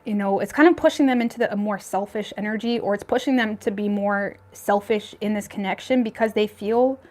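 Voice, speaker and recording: A woman's voice: mid-range voice, darkish tone. A woman talks through a tarot spread in a loose, chatty way. She is frank and thinks aloud, with plenty of fillers and small restarts as she reads each card. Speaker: tarot reader. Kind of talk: casual tarot reading.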